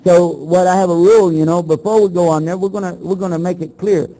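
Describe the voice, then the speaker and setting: A man's voice: high-pitched, fast talker, poor audio. An older man from Texas, giving a blunt lecture on his faith, acting out both sides of the exchanges in his stories and firing rhetorical questions at the audience. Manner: animated storytelling, acts out both sides of the exchanges. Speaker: Muslim preacher.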